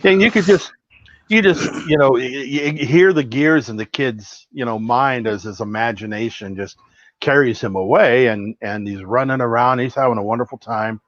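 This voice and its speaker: A man's voice: medium pitch, moderate pace, a bit bright, dry recording. A man co-hosting a podcast, talking in a rambling, hesitant way with many restarts. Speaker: podcast co-host. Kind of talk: casual podcast chat. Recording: dry, dull lo-fi audio.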